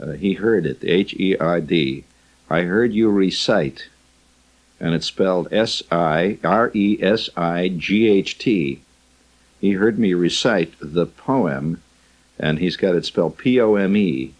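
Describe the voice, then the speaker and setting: Male radio host, low voice, sardonic mail-reader with digressive asides. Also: darkish tone, poor audio. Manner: wry, teasing, rambling asides. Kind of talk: reading listener mail on air.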